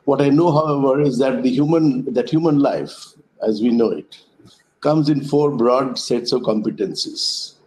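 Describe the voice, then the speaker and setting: A man's voice: medium pitch, normal speed, darkish tone, slight background noise, poor audio. A man giving a reflective conference talk by video call, a thoughtful storyteller who speaks in metaphors. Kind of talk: reflective talk told through parables. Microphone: web conference call.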